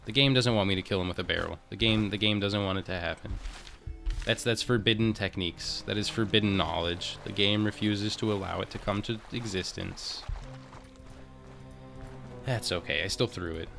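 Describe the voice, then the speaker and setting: A man's voice: on the low side, moderate pace, gravelly, a bit bright, soft background music. A man giving casual, chatty commentary over his own gameplay, talking to himself and the game as he plays. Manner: chatty, talks to himself and the game, frequent restarts. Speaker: let's play host.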